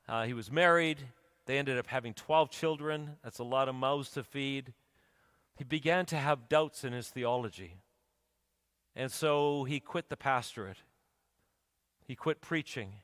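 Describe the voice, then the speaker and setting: A man's voice: medium pitch, fairly bright tone. A man preaching a sermon, telling a story and building to urgent, emphatic appeals. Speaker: pastor. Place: church sanctuary. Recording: church hall reverb.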